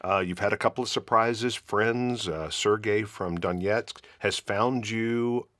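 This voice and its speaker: A man's voice: fairly low pitch, a little slow, a bit bright, no room sound. A man hosting a podcast, asking playful, teasing questions and recapping the story. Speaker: podcast host. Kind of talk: interview host, casual chat.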